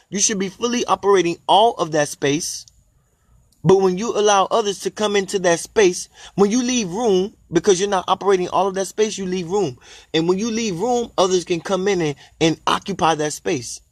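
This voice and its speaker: A man giving a spiritual monologue, repeating phrases emphatically and drawing key lines out slowly, with bursts of delighted exclamation. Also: high-pitched, no room sound. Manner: exclaims in delight at his own ideas. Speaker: spiritual teacher.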